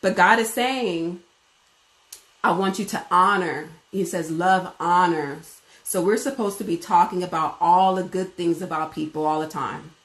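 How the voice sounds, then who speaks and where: Animated woman teaching in a roomy echo. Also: on the low side, a little slow. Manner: animated, conversational, acts out dialogue. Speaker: bible study teacher. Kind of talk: informal bible study message.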